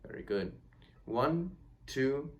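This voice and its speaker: Patient, slow-speaking male violin teacher. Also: medium pitch, lively intonation, muffled recording. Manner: counts beats aloud and patiently explains; reassuring, encouraging. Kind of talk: step-by-step instrument lesson. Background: violin playing.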